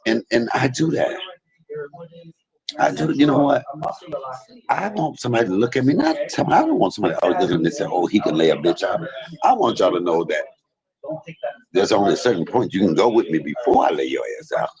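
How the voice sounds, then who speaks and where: A man talks to his viewers from a hospital bed in a low, gravelly voice. His pitch swings widely as he preaches, repeating his points. The chatter of a crowded emergency room carries in the background. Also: brisk, long pauses, rough recording. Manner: preachy, animated, repeats himself. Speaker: livestream host. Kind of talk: casual live stream talk.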